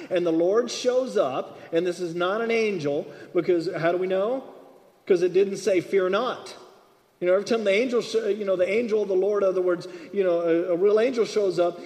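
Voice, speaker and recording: A man preaching a sermon, animated, acting out dialogue and swinging between loud and soft. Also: high-pitched. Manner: animated, acts out dialogue with shifts in loudness. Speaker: pastor. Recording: long reverb of a hall.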